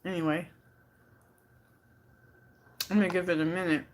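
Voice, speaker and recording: On her livestream, a vlogger from California's Bay Area speaks in a lowish voice with flat delivery at normal speed, with slight background noise. She chats casually and playfully, reading out comments from viewers.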